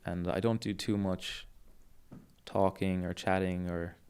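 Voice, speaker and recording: Irish man, smooth low voice. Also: level tone, measured pace, a little mellow. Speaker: jiu-jitsu coach. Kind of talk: casual podcast conversation.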